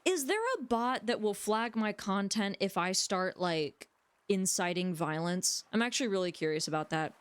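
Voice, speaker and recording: A woman's voice: medium pitch, moderate pace, clean tone, no echo. A woman livestreamer in casual chat, rambling and joking as she talks to her viewers from home. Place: home room.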